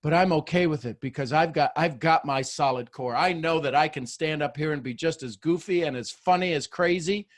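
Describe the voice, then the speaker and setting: A man leads a motivational group call over a video link, goofy and animated, doubling up his words as he goes. His voice sits somewhat high for a man. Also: fairly quick, hardly any pauses. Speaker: mentor and host of a group call.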